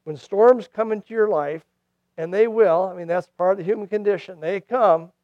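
A man preaching a sermon who moves between loud, pressing emphasis and hushed, quiet lines. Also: high-pitched, moderate pace, no room sound, lo-fi sound. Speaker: pastor.

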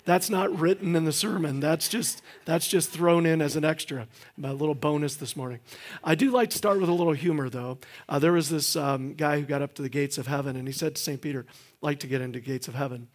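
A middle-aged man preaching a sermon in a church, folksy and joking, with lots of fillers and restarts. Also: on the high side. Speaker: guest pastor. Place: church sanctuary.

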